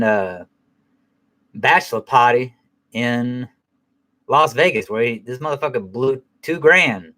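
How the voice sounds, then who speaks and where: A middle-aged man talks through a film in a loose, unscripted way, peppering his sentences with profanity. He wanders, restarts, and corrects himself as he goes, in a voice of ordinary pitch for a man. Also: a bit bright. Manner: rambling, profane, self-correcting. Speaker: film reviewer. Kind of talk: casual spoken film review.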